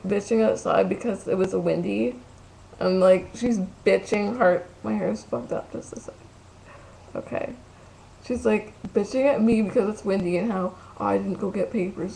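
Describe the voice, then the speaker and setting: A woman's voice: medium pitch, creaky, slight background noise, low-quality recording. A tired young woman rambling and swearing through a story into her computer's webcam at home. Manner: rambling, loses track, crude swearing. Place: room at home.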